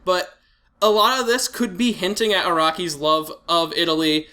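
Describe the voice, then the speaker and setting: A man's voice: high-pitched, moderate pace, bright, forceful tone. A young man as a podcast guest, chatting casually with enthusiastic, profane fan talk. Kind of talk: casual chat.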